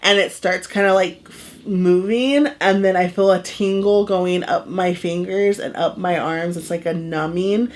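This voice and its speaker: A woman in her thirties with a somewhat low voice, chatting casually as a podcast co-host. She rambles through her stories, dropping "like" into nearly every phrase. It was recorded in a garage. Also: fairly even intonation, measured pace. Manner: chatty, heavy on "like" fillers. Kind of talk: casual storytelling chat.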